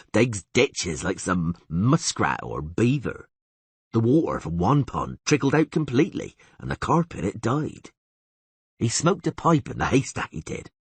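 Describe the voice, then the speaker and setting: Man doing a slow peasant elder. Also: on the low side, slightly rough, dry recording, heavily acted. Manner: slow, plodding, folksy speech. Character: rustic old male peasant elder, slow and earnest.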